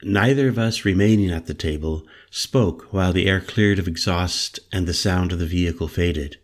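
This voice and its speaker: A man narrating a first-person story as an audiobook, in a calm, descriptive manner. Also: low voice, moderate pace.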